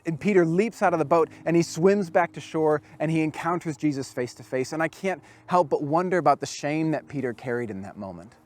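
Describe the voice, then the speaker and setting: Earnest, higher-voiced male preacher. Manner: earnest, with dramatic pauses, often dropping to a hush. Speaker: camp speaker. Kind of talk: storytelling sermon.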